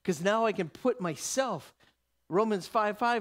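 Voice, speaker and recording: Conversational preacher, rising and hushing. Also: male voice, high voice, a little slow. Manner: conversational and emphatic, drops to a hush, laughs. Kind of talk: sermon.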